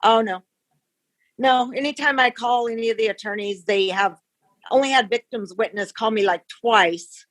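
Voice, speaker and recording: A woman's voice: fairly high pitch, moderate pace. A woman from the victim's family, talking frankly and casually in an interview. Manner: plain-spoken, frank.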